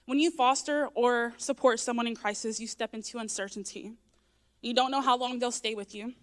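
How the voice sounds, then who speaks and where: A woman's voice: fairly high pitch, steady tone, normal speed, fairly bright tone. A woman sharing an earnest personal testimony in church, her voice close to tears at times. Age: adult, raising young children. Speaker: church member giving testimony. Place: church sanctuary.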